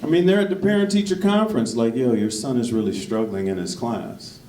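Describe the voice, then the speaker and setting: With a medium-pitched voice and a fairly quick delivery, a comedian works a club stage, tossing conversational asides to the crowd between jokes. It's recorded from a distance in an echoey, noisy room, with audience laughter behind him.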